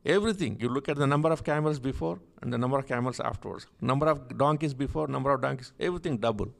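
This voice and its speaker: Gravelly male preacher, rising fervor. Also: medium pitch, fast talker. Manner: rises to loud insistent preaching, speaks in tongues. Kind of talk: sermon with prayer.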